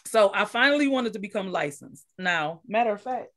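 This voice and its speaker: A woman's voice: mid-range voice, expressive, normal speed, fairly bright tone. A woman who runs a daycare, casually telling her story as a guest and repeating phrases for emphasis.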